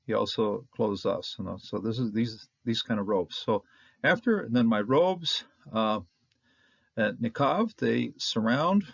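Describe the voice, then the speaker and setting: A man giving a casual Bible lesson, halting with many fillers and restarts, sounding out Hebrew words slowly. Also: fairly low pitch, expressive, creaky, dry recording. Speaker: Bible teacher. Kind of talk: casual lecture. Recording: dull, dry, lo-fi sound.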